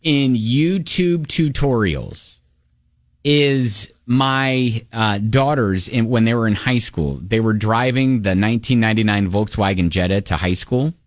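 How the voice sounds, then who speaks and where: A man's voice: lowish voice, measured pace, no room sound, studio quality. A middle-aged man co-hosting a radio show, telling a self-mocking story and acting out his own lines in a casual chat.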